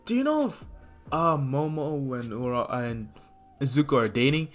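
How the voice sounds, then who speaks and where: A man's voice: mid-range voice, animated, moderate pace, faint music behind, natural voice. A man voicing a worried teenage schoolgirl hero student, pleading and flustered.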